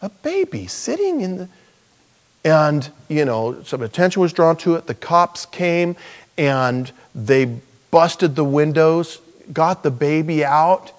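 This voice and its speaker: A man preaching a sermon in a conversational, rambling way, full of restarts and asides. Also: a little high. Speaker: pastor.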